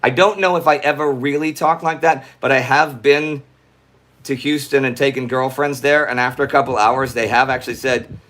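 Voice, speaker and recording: A man's voice: mid-range voice, fairly even intonation, brisk, a bit bright. A man from Texas with a Texan accent, hosting a casual livestream in a joking, rambling way. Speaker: livestream host.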